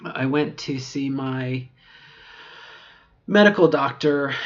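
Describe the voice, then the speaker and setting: A woman's voice: a bass voice, slow, highs cut off. Middle-aged woman rambling in a video diary. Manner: rambling, reflective, many "you know" fillers. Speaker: vlogger.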